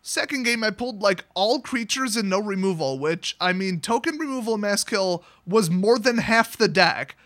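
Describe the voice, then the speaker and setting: High, bright-voiced man ranting casually. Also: moderate pace, hardly any pauses. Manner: animated, sarcastic, exasperated. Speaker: card game content creator. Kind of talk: casual storytelling rant.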